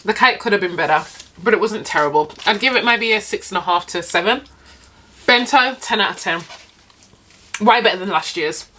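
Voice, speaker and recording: A woman's voice: mid-range voice, normal speed, sharp tone, a little hiss or hum. A young British woman living in Japan, chatting casually and emphatically to her viewers while eating, with frequent laughs and swearing. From Britain. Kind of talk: casual sit-down chat to camera while eating.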